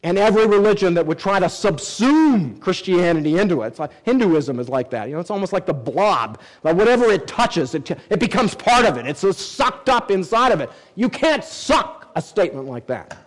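High-voiced preaching man. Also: very animated, normal speed, few pauses, rough recording. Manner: preaching with emphatic swings in pitch and volume; reads scripture aloud. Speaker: pastor. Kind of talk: sermon.

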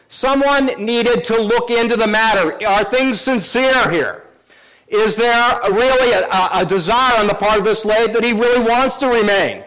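A man's voice: high-pitched, fairly bright tone, poor audio. A man, a pastor, preaching a sermon and teaching from scripture with emphatic repetition.

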